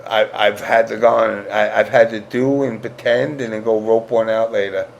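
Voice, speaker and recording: Gravelly male podcast host telling stories. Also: lowish voice, fairly even intonation, moderate pace, muffled recording, slight background noise. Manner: crude, storytelling, acts out quotes. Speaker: show host. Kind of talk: casual podcast banter.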